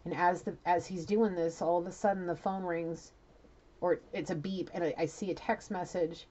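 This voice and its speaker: A woman's voice: on the low side, fairly even intonation, normal speed, mellow, muffled recording. A woman doing an intuitive reading, talking casually and emotionally and swearing freely. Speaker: intuitive reader.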